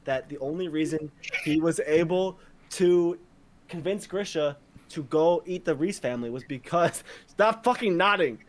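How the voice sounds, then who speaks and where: A man co-hosting a casual podcast, thinking out loud in a rambling way, swearing freely and speeding up when he gets excited. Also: on the high side, moderate pace. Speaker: podcast co-host. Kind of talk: casual chat among friends.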